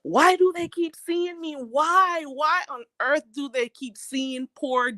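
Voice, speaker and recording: Woman ranting, heated and mocking, profane, fairly high voice, dry close sound. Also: slow, sharp tone, dry recording. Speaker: YouTube commentary host. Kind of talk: ranting commentary.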